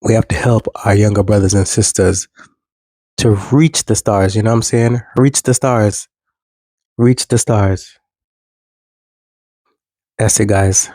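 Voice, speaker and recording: A man's voice: on the low side, fairly even intonation, normal speed, mellow, no echo, poor audio. A man vlogging casual spiritual advice, earnest and preachy, repeating phrases for emphasis.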